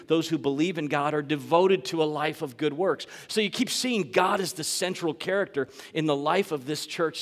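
On the high side, this man's voice trails a long reverb tail as he preaches a sermon as pastor. He is earnest and emphatic, repeating key phrases to give them weight.

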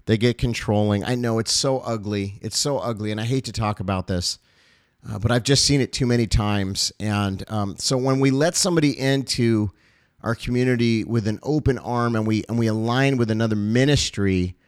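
A male pastor with a lowish, darkish voice speaks to his ministry's supporters in clean studio sound with no echo. His heartfelt address is earnest and emotional, often repeating phrases and leaning on fillers.

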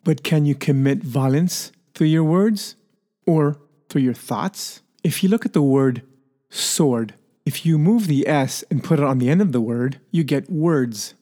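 A man's voice: on the high side, a little slow, mellow. A man hosting a solo podcast, musing playfully on word origins and laughing at his own coinages. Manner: playful, musing, coins words and laughs at himself. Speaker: podcast host.

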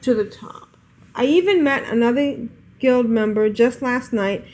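A woman's voice: fairly high pitch, a little slow, a little mellow. Giggly woman co-host reading emails. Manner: giggly, chatty, trails off into laughs. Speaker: podcast co-host. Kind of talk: casual chat, reading listener emails aloud.

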